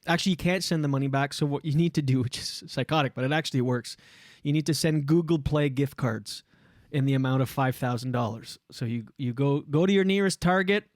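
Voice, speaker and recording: A man's voice: medium pitch, a little fast, dry recording. A man hosting a casual podcast, telling stories animatedly and swearing freely on a studio mic. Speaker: podcast host.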